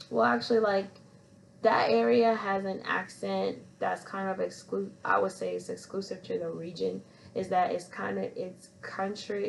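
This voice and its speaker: A woman vlogger telling a story in a relaxed, rambling way, circling back on herself often. Her voice sits at a middle pitch with a gravelly fry, and a faint hiss runs behind her. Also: poor audio. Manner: rambling, full of fillers and restarts. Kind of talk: casual storytelling to camera.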